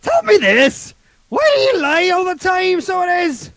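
A man's voice: very high voice, wildly swooping pitch, unhurried, a bit bright, dry recording, clean studio sound, pitched above the performer's own voice, heavily acted. A man voicing a nagging, insistent caller with a put-on accent.

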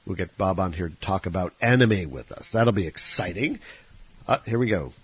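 Husky, low-voiced radio host, joking. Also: male voice, animated, normal speed, no echo. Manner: joking, mock Irish accent. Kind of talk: casual radio chat.

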